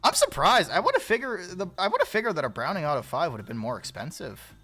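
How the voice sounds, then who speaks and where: A man hosting a livestream in a casual, rambling chat, swearing freely and breaking into loud laughs. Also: high-pitched, huge pitch swings, brisk, soft background music. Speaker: livestream host.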